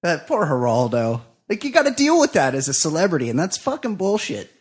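A man hosting a comedy podcast, bantering excitably with lots of swearing. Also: a little high, brisk, breathy edge. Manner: profane, excitable, laughing banter. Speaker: podcast host. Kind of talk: casual comedy podcast chat.

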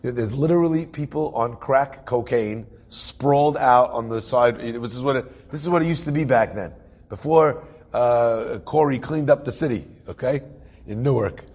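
Husky-voiced man telling a wry story. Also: medium pitch, normal speed, darkish tone. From New Jersey area. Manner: humorous, self-mocking asides. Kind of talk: inspirational personal storytelling.

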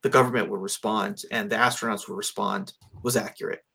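A man's voice: on the low side, steady tone, fairly quick, vocal fry, bright, forceful tone, slightly rough. A man in casual conversation about a film, rambling with lots of fillers and restarts. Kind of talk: casual movie discussion.

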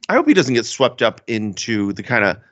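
A young man co-hosting a casual podcast about movies, animated and enthusiastic, laughing often. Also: medium pitch, brisk, muffled recording. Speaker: podcast co-host.

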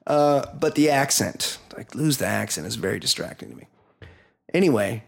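A man's voice: mid-range voice, expressive, moderate pace, gravelly. A man co-hosting a podcast, telling a news story in a rambling, profane way, with lots of fillers. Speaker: podcast co-host. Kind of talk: casual chat.

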